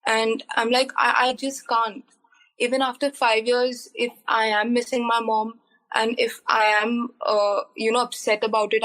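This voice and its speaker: A woman's voice: on the high side, fairly bright tone, poor audio. A young woman, a podcast guest, speaking candidly and earnestly with many fillers. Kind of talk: podcast interview.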